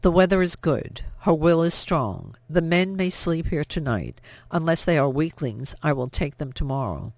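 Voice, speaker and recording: A man voicing a rough smuggler who talks low, slow and threatening. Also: expressive, a little mellow, dry recording. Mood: blunt.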